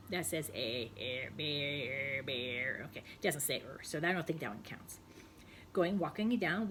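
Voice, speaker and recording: A woman teaching second graders a spelling lesson, spelling words slowly and clearly letter by letter. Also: on the low side, a little hiss or hum. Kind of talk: recorded spelling lesson for children.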